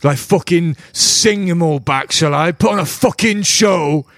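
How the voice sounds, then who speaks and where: A man's voice: on the low side, a little slow, no echo, studio quality. A man voicing an angry middle-aged war chief, a grieving father who swears and sneers. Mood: furious. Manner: furious, swearing, sarcastic.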